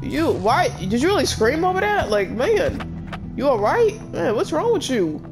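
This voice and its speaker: Brash, loud-mouthed woman gamer. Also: high voice, sing-song, measured pace, over music. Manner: loud, brash, cussing, talking back at the game. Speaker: gameplay commentator. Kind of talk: let's play commentary.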